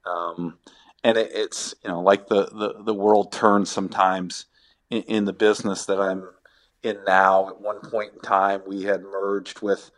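A middle-aged former ballplayer, now a sports agent, answering podcast questions in a halting, reflective way with many restarts. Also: male voice, low voice, level tone, a bit bright.

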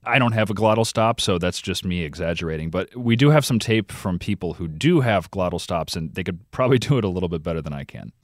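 A man's voice: low voice, animated, fast, hardly any pauses, no echo, clean studio sound. A man from Vermont, a reporter and podcast host, explaining carefully in a radio interview with some fillers.

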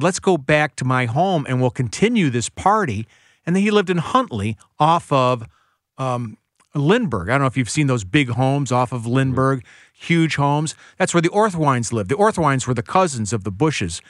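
A man's voice: mid-range voice, a bit bright, no echo, studio quality. A male author, a guest on a radio show, who tells one anecdote after another in a chatty way. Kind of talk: radio interview.

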